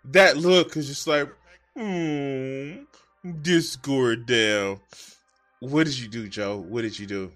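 A man's voice: medium pitch, takes it slowly, a bit bright, soft background music. A man live-streaming his reactions, playful, teasing and profane.

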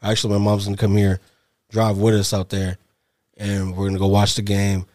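A man's voice: on the low side, monotone, fairly quick, dark tone, dry recording, clean studio sound. A middle-aged man co-hosting a podcast, chatting casually and profanely in long rambling stretches. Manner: profane, rambling, acts out voices. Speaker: podcast co-host.

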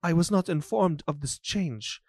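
A man voicing a fawning male estate steward who talks formally and quickly. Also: on the high side, darkish tone, slightly rough, no echo, pitched above the performer's own voice. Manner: rapid, overly polite formal speech.

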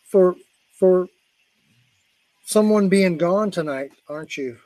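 A man's voice: sits high, slow, dark tone, no room sound. A man co-hosting a live online show, easygoing and brief in his remarks. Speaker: co-host.

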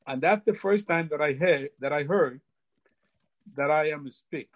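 Older man, halting, repeats himself. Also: on the high side. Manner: halting, repeats words often. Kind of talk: casual storytelling.

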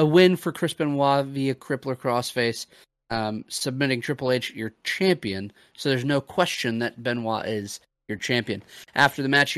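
Male podcast host, relaxed recap, dry close sound. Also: mid-range voice, clean tone, dry recording. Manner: relaxed, filler-heavy recap. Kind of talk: casual podcast chat.

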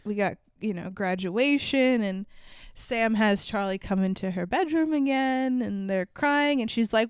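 A woman's voice: high voice, a little slow, clean tone, dry recording, studio quality. Laughing, foul-mouthed woman podcaster. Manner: profane, laughs often, acts out characters' lines. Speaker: podcast co-host. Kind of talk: casual movie-review chat.

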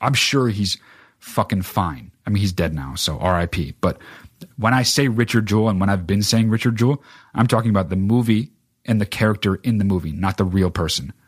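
A man's voice: lowish voice, brisk, husky, no room sound, clean studio sound. A man hosting a solo podcast, ranting casually about films in a profane, rambling way with lots of filler words. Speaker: podcast host. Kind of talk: casual solo film rant.

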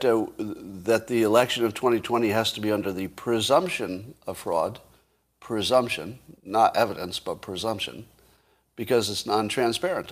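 A man hosting a casual solo commentary, musing aloud with rhetorical questions and wry chuckles. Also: mid-range voice.

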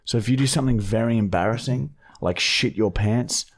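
A man's voice: fairly low pitch, a little fast. A man co-hosting a podcast, swearing constantly, blunt and rowdy in casual chat. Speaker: podcast co-host.

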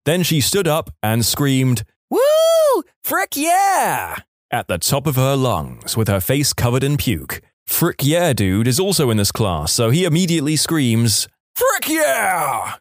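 A man's voice: mid-range voice, very animated, moderate pace, few pauses, no room sound, studio quality. A man reading listener-submitted stories aloud, with wry, sarcastic asides. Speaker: story narrator.

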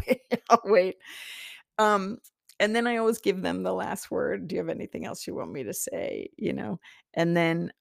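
A middle-aged spiritual teacher gives a casual, chatty teaching talk in a deep voice with vocal fry. She laughs often and restarts her sentences, recorded in studio quality with no echo.

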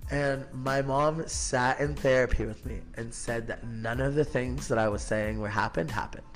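A man in his thirties, a podcast guest telling a personal story in a casual, animated way, filling his talk with "like" and acting out what others said. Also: medium pitch, moderate pace, faint music behind. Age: 30s. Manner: animated, acts out quoted people, frequent "like" fillers.

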